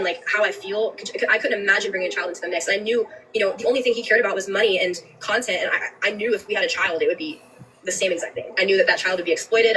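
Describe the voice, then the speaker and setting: A young woman giving a personal account on a livestream, earnest, with frequent halting restarts. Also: medium pitch, fairly bright tone, recorded from a distance, a little hiss or hum, low-quality recording. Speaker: livestreamer telling her story.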